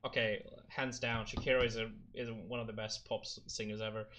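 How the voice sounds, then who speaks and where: A man's voice: lowish voice, flat delivery, brisk, sharp tone. A young man co-hosting a podcast in casual chat, joking and laughing often. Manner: jokey, laughs often, breaks into silly sung impressions. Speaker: podcast co-host.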